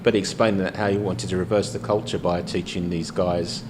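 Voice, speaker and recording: Very deep-voiced blunt Australian man. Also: fairly even intonation, a little fast, noisy background. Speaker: panel member. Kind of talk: casual pub-style debate.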